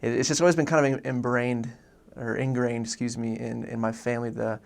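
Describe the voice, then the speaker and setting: A man's voice: medium pitch, fast talker, vocal fry. A young man from Oregon telling his personal faith story in a casual, earnest way, rambling with many restarts and fillers. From Oregon, USA. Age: young adult.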